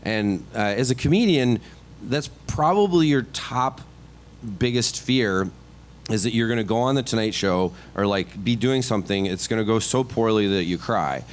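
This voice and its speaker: A middle-aged man, a stand-up comedian, telling a story on a podcast in a casual, animated, self-deprecating way full of asides and restarts. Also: lowish voice, moderate pace, slight background noise. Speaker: comedian guest.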